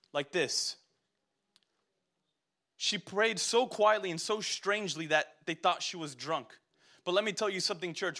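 A young man preaches with a high, bright voice. He exhorts the congregation and throws call-and-response questions at them. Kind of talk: sermon.

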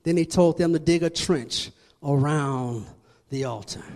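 A man, a church elder, preaching a sermon with fervent, dramatic swings in loudness. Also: a little high, steady tone, normal speed. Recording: long reverb of a large hall.

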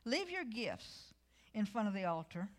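A woman's voice: medium pitch, sing-song, unhurried. A middle-aged woman preaching a sermon, telling personal stories and reading scripture with rising emphasis.

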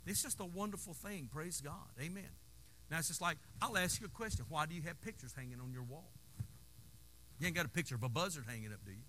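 A man preaching a sermon in a high, bright voice, folksy and full of call-and-response. He swings from soft, intimate moments to playful asides, with faint room ambience behind him. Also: lively intonation, fast talker, a little hiss or hum. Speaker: pastor.

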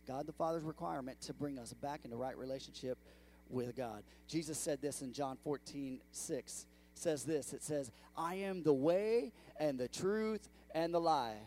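A man pastor preaching a sermon to his congregation, calling out to the room and swinging between hushed and loud delivery. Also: on the high side. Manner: animated preaching with audience call-outs. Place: church sanctuary.

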